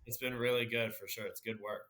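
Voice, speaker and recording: A teenage boy, a high school athlete, giving easygoing answers in an interview. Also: fairly even intonation, fairly quick, sharp tone. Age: teens. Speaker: guest athlete.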